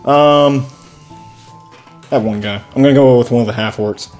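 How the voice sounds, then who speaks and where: A man's voice: mid-range voice, normal speed, darkish tone, soft background music. A man playing a tabletop game, tentatively thinking aloud as he declares actions. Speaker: player. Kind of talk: casual tabletop game chat.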